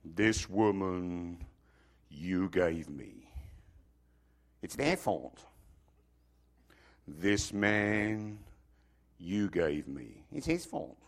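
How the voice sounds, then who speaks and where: A preacher putting on a deep, slow voice of blame. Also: male voice, heavily acted. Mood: brooding. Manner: slow and low, murmured.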